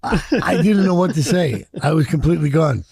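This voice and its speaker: An older man with a deeply gravelly, husky voice recalls his past, swearing freely and slipping into the voices of people he quotes. His tone is dark and mellow, and the recording is dry and close, with no room around him. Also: animated, brisk, no echo. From Chicago. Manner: profane, reflective, acts out quoted voices. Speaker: interviewee. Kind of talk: candid storytelling in an interview.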